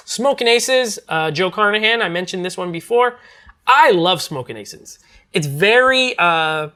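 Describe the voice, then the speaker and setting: A man's voice: high-pitched, pushed and bright. A man reviewing movies in a casual, rambling chat, full of fillers and restarts.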